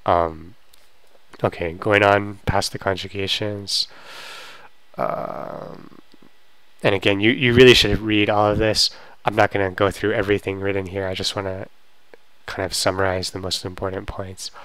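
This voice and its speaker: A man teaching a language lesson in a relaxed, casual way, with frequent fillers and restarts while he talks over slides. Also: on the low side, normal speed, clear, resonant tone, dry recording, poor audio. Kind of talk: casual screen-recorded lesson.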